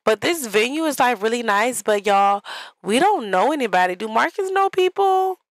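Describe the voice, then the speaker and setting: A woman's voice: fairly high pitch, lively intonation, normal speed, no room sound, low-quality recording. A young woman giving casual gameplay commentary in a life-sim game, chatty and talking straight to her viewers. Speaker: gaming vlogger.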